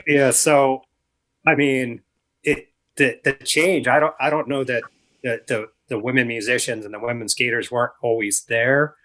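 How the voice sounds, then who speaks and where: An earnest man in his fifties, guesting on a podcast for his charity. His voice is bright and sharp at the edges. He stops and restarts often as he works through his thoughts. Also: medium pitch, fairly even intonation, poor audio. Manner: earnest, halting, many restarts. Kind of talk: casual interview talk.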